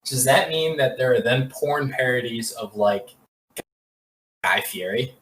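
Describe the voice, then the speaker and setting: A man's voice: medium pitch, expressive, unhurried, echoey room, recorded from a distance, noisy background. A man co-hosting a podcast in casual chat, rambling and hesitant and full of fillers as he works through a thought. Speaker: podcast co-host.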